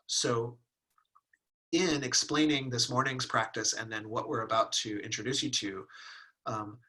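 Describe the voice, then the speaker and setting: A husky, bright-toned middle-aged man leads a relaxed class on Taoist practice. He talks loosely and lively, slipping into little voices to act out what people think. His delivery is casual and playful. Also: mid-range voice, unhurried, rough recording. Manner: animated, acts out inner voices with playful laughs. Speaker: Taoist teacher leading a workshop. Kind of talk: teaching a live online class.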